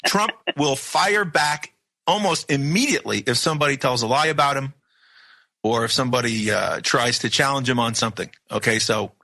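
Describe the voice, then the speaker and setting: A man's voice: mid-range voice, moderate pace, vocal fry, sharp tone. A man hosting a radio news program, talking in emphatic bursts full of rhetorical questions. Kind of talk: opinionated radio talk.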